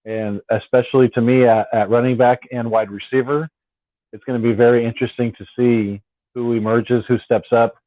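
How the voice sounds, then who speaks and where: This is a man's casual late-night live stream for fans, broadcast from home on the West Coast, full of rambling and repeated words. His voice sits in the mid range, with little pitch movement and a moderate pace. The tinny, phone-like recording is dry, with no room sound.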